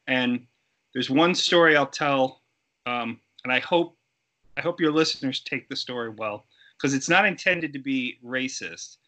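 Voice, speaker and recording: A middle-aged man, a guest actor, telling lively stories in a casual interview and acting out the people he quotes. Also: mid-range voice, a little slow. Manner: animated, acts out quoted voices. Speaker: guest actor and effects artist.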